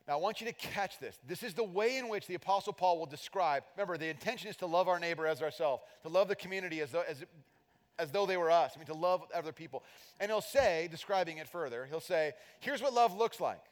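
Animated middle-aged pastor, slightly high voice. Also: male voice, quick pace. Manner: animated, self-deprecating humor, acts out voices. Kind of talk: sermon. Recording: long hall reverb.

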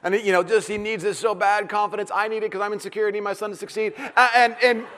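A man's voice: high voice, very fast. A middle-aged man preaching a sermon, a pastor telling self-deprecating stories and acting out the voices in them. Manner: storytelling, self-deprecating, animated retelling with acted-out voices. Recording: long hall reverb.

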